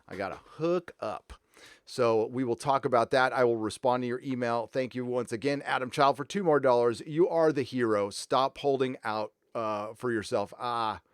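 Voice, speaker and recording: Male stream host, mid-pitched, rambling casual chat, dry close mic. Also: clean tone, dry recording. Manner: rambling, reads donor messages aloud.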